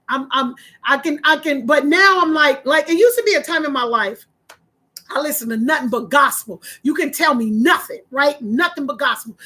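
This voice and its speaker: A woman who once hosted a radio show, casually telling a story to her viewers and acting out the voices she quotes. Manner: animated, acts out quoted voices with big pitch jumps. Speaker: former radio host.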